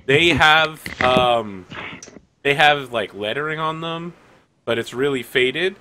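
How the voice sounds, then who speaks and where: A man's voice: mid-range voice, takes it slowly, sharp tone. A man narrating a tabletop game as game master, loose and rambling, with many fillers.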